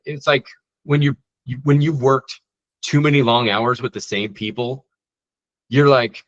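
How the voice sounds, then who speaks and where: A man co-hosting a casual movie podcast, loosely retelling scenes in a relaxed way. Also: mid-range voice, a little slow, lo-fi sound. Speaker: podcast co-host. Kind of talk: casual movie review chat.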